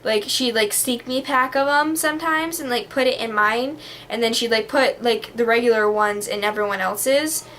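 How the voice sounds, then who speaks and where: A woman's voice: on the high side, moderate pace, a bit bright, a little hiss or hum. Bubbly, rambling young woman vlogger. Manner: rambling, heavy on the filler word "like"; bubbly, dramatic. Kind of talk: casual reminiscing monologue.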